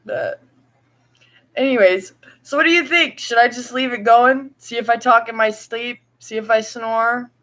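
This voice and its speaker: A woman's voice: fairly high pitch, a bit bright, low-quality recording. A woman chatting casually to viewers at home at night, rambling and laughing as she talks. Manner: rambling, laughing, slow and drawn-out. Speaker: vlogger.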